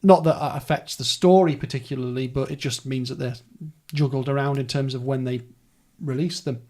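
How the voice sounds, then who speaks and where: A man's voice: medium pitch, fairly even intonation, brisk, mellow. A man hosting a casual podcast chat, rambling through details in a chatty way. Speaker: podcast host. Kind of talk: casual book-club chat.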